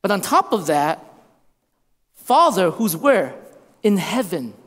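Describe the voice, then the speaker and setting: A man's voice: high voice, slow. Pastor guy preaching, voice jumps all over, long hall echo, says stuff twice. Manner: animated preaching, repeats lines for emphasis. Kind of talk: sermon.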